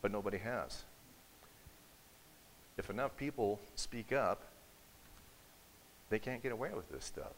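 A man preaching a sermon in church, telling a story with acted quotes and building to forceful emphasis. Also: on the low side, animated, a little slow, pauses often, rough recording. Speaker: pastor. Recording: faint hiss.

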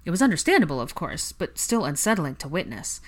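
A woman narrating a fan fiction audiobook in a steady storytelling delivery. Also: low-pitched, brisk.

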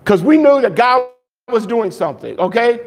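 A male pastor delivers an animated sermon, posing rhetorical questions and answering them himself, with jokes and laughs between points. His voice is very high and his speed normal.

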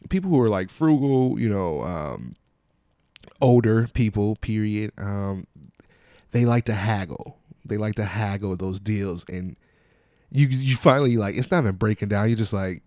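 A man's voice: lowish voice, dark tone, no echo, clean studio sound. A young man hosting a podcast, chatting casually and telling profane stories, acting out what customers said. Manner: laid-back, profane storytelling with acted-out quotes. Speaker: podcast host. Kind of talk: casual chat.

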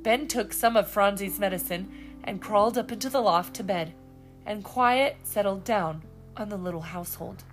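A woman's voice: medium pitch, moderate pace, soft background music. A woman expressively reading a children's storybook aloud as the storyteller. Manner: expressive, lively.

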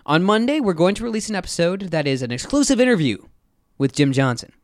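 A man's voice: sits high, animated, quick pace, no echo, studio quality. A man hosting a podcast, casually recapping a movie plot with lots of filler words. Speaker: podcast host. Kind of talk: casual film recap chat.

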